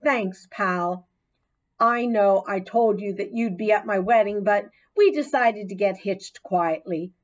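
A woman's voice: mid-range voice, a little slow, close to an everyday voice. A woman voicing a friendly, upbeat male school custodian in a storybook reading, talking in a folksy, easygoing way. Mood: confiding.

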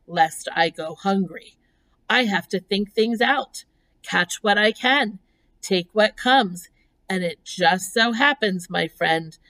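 A woman's voice: medium pitch, a bit bright, poor audio. Woman voicing a thin-voiced matter-of-fact spider. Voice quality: thin, pleasant voice. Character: clever female spider, calm and matter-of-fact.

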